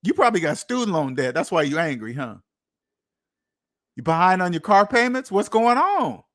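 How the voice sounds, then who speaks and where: A man's voice: a little high, very animated, brisk, a bit bright. A man hosting a finance channel, ranting casually, incredulous and repeating lines for emphasis. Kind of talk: casual livestream rant.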